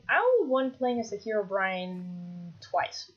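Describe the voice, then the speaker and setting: A woman commentating her own gameplay, chatty, bursting into excited shouts when things go wrong. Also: high-pitched, normal speed, dull audio. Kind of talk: Minecraft let's play commentary.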